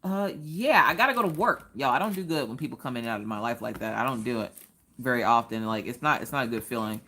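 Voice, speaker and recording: A woman hosting a casual live craft stream, chatting in an animated way and answering viewers' comments. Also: rumbling low, fast talker, slight background noise.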